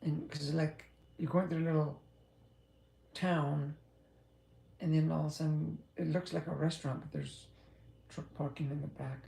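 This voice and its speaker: A woman's voice: low-pitched, fairly even intonation, normal speed, vocal fry, long pauses, dark tone, roomy sound. A woman who drives a truck, chatting casually and rambling with frequent laughs. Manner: chatty, meandering, laughs often.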